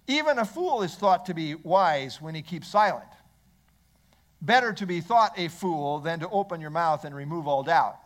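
A male pastor preaching a sermon in church, asking the congregation rhetorical questions. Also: high voice.

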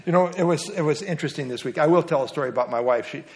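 A middle-aged man leads a small church Bible lesson in a relaxed, folksy way. His voice sits a little high for a man. He teases his class, trips over his words, and fills the pauses with small asides. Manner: folksy, teasing, with filler and restarts. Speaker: discipleship class teacher.

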